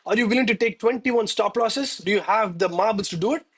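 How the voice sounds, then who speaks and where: Husky, higher-voiced man preaching trading discipline. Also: fairly quick, a bit bright. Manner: emphatic, preachy, repeats "okay" and "man"; emotional, admits getting worked up. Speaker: live-streaming gold trader. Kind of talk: live trading stream talk.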